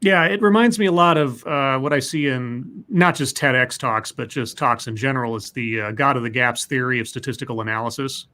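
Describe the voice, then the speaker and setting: A man's voice: mid-range voice, fairly quick, few pauses, bright, forceful tone. A man co-hosting a podcast in casual chat, giving dry, short replies and now and then a longer point. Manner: dry, brief agreeing replies. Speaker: podcast co-host.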